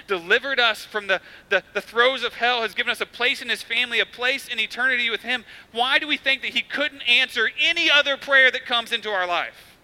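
Bright-voiced man preaching conversationally. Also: extremely high pitch, rough recording. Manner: conversational storytelling preaching with acted quotes. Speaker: pastor. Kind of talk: sermon.

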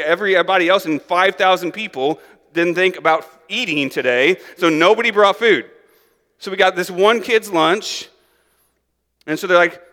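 Bright-voiced male pastor preaching conversationally in a reverberant hall. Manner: animated, acts out the disciples' voices in a higher, louder pitch; conversational, many "like" and "right?" asides. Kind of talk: sermon.

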